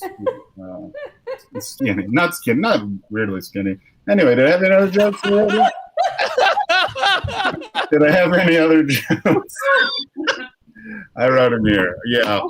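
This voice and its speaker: Self-deprecating male comic, lively delivery. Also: a little high, measured pace, long pauses, no echo, poor audio. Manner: self-deprecating, rambling storytelling. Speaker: stand-up comedian. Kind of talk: stand-up set on a livestream.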